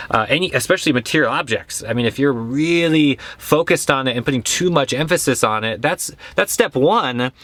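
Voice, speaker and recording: An earnest young man speaks as a yoga teacher in a casual, emphatic spiritual talk, leaning on repeated phrases. His voice sits at an ordinary middle pitch. The sound is dry and close, with little room around it. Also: fairly bright tone, dry recording.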